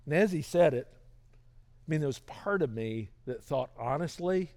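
A man's voice: a little high, expressive, a little slow, gravelly, darkish tone. A middle-aged male pastor telling a story in a sermon, earnest and conversational with stammered restarts.

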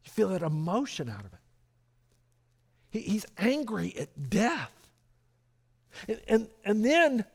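A middle-aged man preaching a sermon as pastor, earnest and lively, with frequent restarts. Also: high-pitched, slow, creaky, long pauses, breathy edge.

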